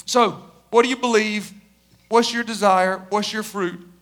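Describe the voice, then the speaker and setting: A male preacher telling a story in a sermon, moving between quick asides and slow, emphatic phrases. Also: high-pitched, fairly even intonation, fairly bright tone.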